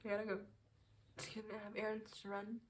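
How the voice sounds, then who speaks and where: A sad, teary woman talking to camera in a confessional video diary at home, rambling and halting, sometimes trailing off into soft whispers. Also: mid-range voice, monotone, slight background noise. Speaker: vlogger.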